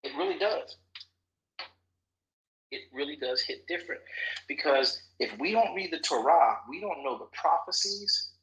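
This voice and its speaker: Guy teaching bible class, really husky raspy voice, animated, teases the group. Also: fairly high pitch, normal speed, long pauses, low-quality recording. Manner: animated, teasing the group, drops to a whisper for emphasis. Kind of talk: lively Bible study teaching.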